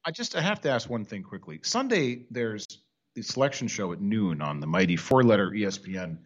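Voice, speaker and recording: Animated wisecracking male sports host. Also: fairly low pitch, fairly quick, dull audio. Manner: animated, wisecracking, rambling with restarts. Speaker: sports talk show host. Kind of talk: casual sports talk.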